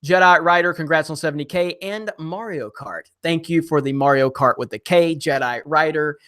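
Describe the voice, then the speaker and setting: Bright-voiced animated male streamer. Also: a little high. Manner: animated, joking, quick asides to chat. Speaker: live stream host reading viewer comments. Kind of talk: casual live stream chat.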